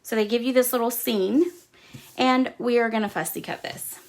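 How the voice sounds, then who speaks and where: A woman's voice: on the high side, fairly even intonation, moderate pace, a little mellow. A middle-aged woman hosting a live craft demonstration, chatting casually as she stamps, cuts and explains each step. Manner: chatty, talks while working with hands. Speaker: crafting host.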